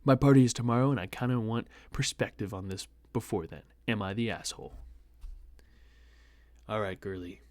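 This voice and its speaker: A man's voice: on the low side, normal speed, darkish tone, dry recording. A young American man reads an online post aloud and breaks in with sarcastic, mocking asides in a casual commentary. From United States. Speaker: host reading online posts.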